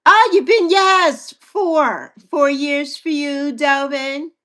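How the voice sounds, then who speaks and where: Chatty woman host, slow and high. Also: bright, forceful tone. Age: 60s. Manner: chatty, repeats herself, reads viewer comments aloud, laughs often. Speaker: livestream host. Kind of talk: casual livestream chat.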